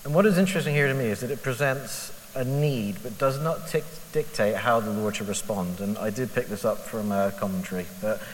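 A man's voice: medium pitch, a little fast, hardly any pauses. A man speaks as a lay preacher, thinking aloud about scripture and questioning himself with frank, self-deprecating honesty. His voice rings around a large hall with a long tail of reverb. A faint hiss sits underneath. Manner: candid, self-deprecating, asks rhetorical questions. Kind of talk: conversational Bible reflection.

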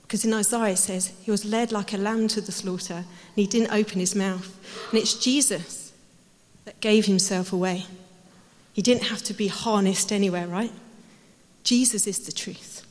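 Woman, sermon, lively storytelling, hall reverb. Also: medium pitch, moderate pace. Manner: lively storytelling, acting out voices. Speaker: preacher.

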